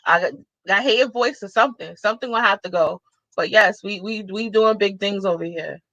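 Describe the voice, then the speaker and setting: Bright-voiced woman hosting a casual live chat. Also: brisk, dry recording. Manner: chatty, reading out the chat and giving shout-outs; bursts into excited high exclamations. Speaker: livestream host. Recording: dull, dry lo-fi live-stream audio.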